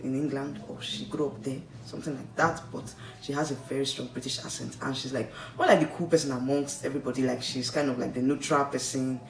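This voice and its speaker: Reviewing a reality show, this vlogger with a Nigerian accent rambles casually and keeps checking in, adding "okay?" and "like, seriously" as he goes. He talks fast in a creaky, mid-range voice with fairly even intonation and hardly pauses. The room echoes, the mic sits far off, and faint noise is audible.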